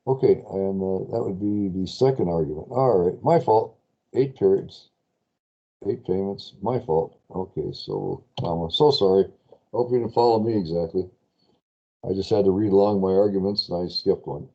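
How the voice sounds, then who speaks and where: A man lecturing a class on lease finance in a spreadsheet, chatty and quick to correct his own slips while asking students questions. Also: deep voice, lively intonation, muffled recording.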